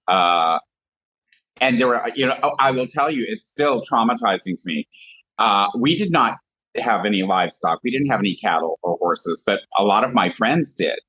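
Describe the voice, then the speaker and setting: Guy from colorado, guest on a chat show, husky bright voice, hams up his stories. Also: lowish voice, animated, normal speed, highs cut off. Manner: theatrical storyteller with comic asides. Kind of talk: casual chat.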